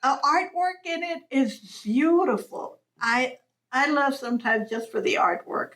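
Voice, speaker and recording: A woman storyteller with a high voice tells a folk tale at an unhurried pace. Her narration is animated and often breaks into chuckles.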